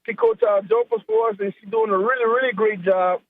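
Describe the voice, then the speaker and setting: A man with a thick South Louisiana accent rambles along easily, repeating words as he talks. His voice sits fairly high for a man and comes through a thin, tinny phone line. The sound is dry and close. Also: wildly swooping pitch, brisk, no echo. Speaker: head track coach. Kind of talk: phone-in interview.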